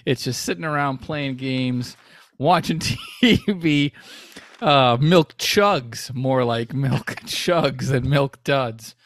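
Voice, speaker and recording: A man's voice: mid-range voice, takes it slowly, a bit bright, dry recording. A man chatting on a podcast, dropping dry wisecracks. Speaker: podcast guest. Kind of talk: casual podcast chat.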